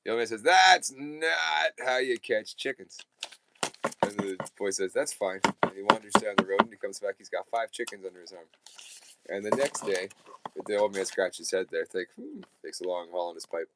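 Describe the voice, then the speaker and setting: A man's voice: low-pitched, flat delivery, fast talker, noisy background. Male live radio host, rambling folksy joke-teller, self-correcting.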